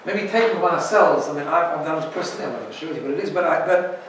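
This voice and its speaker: A man's voice: fairly high pitch, fast talker, fairly bright tone, heavy reverb, far from the mic, slight background noise, rough recording. A man teaching an informal Torah class as a rabbi, chatty and often checking in with "right?". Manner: chatty, keeps asking "right?".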